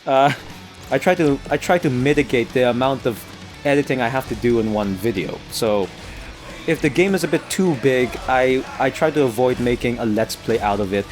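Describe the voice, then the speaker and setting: A man's voice: mid-range voice, normal speed, faint music behind. A man with an American accent giving casual gameplay commentary, laughing often and tripping over his own restarts. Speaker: let's play gamer.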